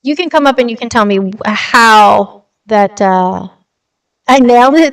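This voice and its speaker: A young woman with a higher, smooth and clear voice hosts a casual livestream. She is blunt and chatty and swears now and then. She sits a little back from the mic, and a light reverb hangs on her voice. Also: moderate pace, fairly bright tone. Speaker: livestream host. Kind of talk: casual livestream chat reading news. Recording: slightly distant with light reverb.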